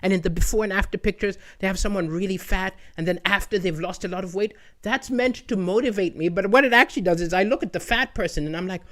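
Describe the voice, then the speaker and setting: A man from Malawi delivering a chatty stand-up comedy monologue, animated and often checking in with "right?". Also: high-pitched, fast, few pauses.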